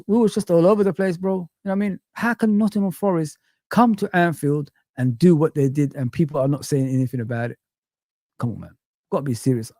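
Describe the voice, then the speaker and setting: A man's voice: a little high, darkish tone, dry recording. Young male streamer, exasperated swearing rant, dry close mic. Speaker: fan channel livestream host. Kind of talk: casual livestream rant.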